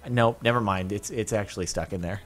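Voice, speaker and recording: A man's voice: on the low side, fairly quick, fairly bright tone, soft background music. A man giving casual, rambling, joking commentary while reacting to videos. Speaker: vlogger.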